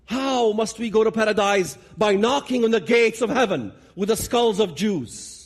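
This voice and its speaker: A man gives a dramatic public talk. His voice sits high for a man and swings widely as he pushes each point hard. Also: lively intonation, normal speed, husky. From Palestinian territories. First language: Arabic. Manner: dramatic, emphatic, builds to loud peaks. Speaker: public speaker.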